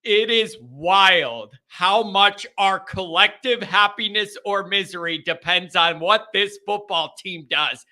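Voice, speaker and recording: A man's voice: high-pitched, takes it slowly, few pauses, pushed and bright. A man hosting a fan call-in radio show, talking casually and emphatically to his listeners with joking asides. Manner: emphatic, fired up about his team. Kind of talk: casual morning show monologue.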